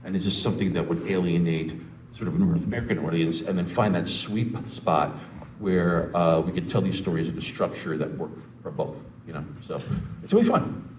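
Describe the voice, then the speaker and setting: A man answering a fan's question at a convention panel, telling his story in a lively, chatty way and acting out the people he quotes. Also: low-pitched, a little fast, slight background noise. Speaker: comics creator answering a fan question at a panel. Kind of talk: casual panel talk. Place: large convention hall. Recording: roomy hall sound, mic from a distance.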